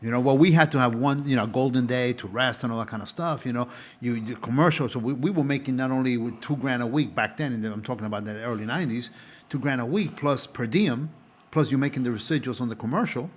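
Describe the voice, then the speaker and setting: A man's voice: mid-range voice, fast talker. A man in his fifties, a former stage actor, answering interview questions in a chatty, rambling way with frequent restarts.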